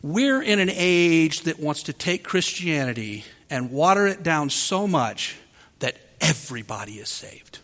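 A man preaching a sermon as pastor, earnest and emphatic with dramatic pauses. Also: on the high side, very animated, a bit bright. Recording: reverberant hall.

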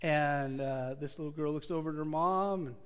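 A man's voice: fairly high pitch, moderate pace, clean tone. A man preaching a sermon in a church sanctuary, telling stories earnestly and swelling and dropping his volume. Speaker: pastor. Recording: long reverb of a church hall.

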